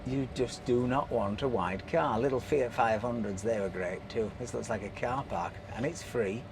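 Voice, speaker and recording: A man's voice: mid-range voice, normal speed, noisy background. A man hosting a travel vlog, chatting enthusiastically about the scenery while he drives. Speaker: vlog host. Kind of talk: casual travel commentary while driving. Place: inside a small electric car on village streets.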